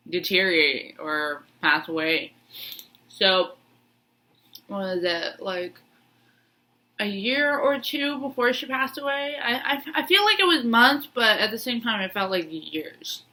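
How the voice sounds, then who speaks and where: A woman's voice: fairly low pitch, bright, forceful tone. A woman with a stuffy nose from sneezing, telling a personal story in a rambling way with lots of fillers and restarts. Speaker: vlogger.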